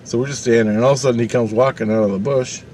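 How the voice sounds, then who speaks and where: A man telling a long, rambling story in a casual, animated way, swearing freely. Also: medium pitch, very fast, slight background noise. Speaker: vlogger.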